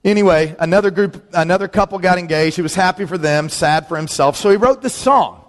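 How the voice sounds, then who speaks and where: A middle-aged man, a pastor, telling humorous personal stories in a sermon and acting out friends' voices. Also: a little fast. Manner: storytelling, animated, acts out quoted friends in a higher voice. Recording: long reverb of a large hall.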